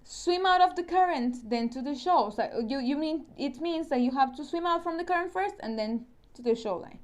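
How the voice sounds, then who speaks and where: A woman's voice: sits high, expressive, a little fast. Woman science teacher with a Spanish accent. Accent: Spanish-speaking. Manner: explains step by step, often repeats and restarts words. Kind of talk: recorded online science lesson.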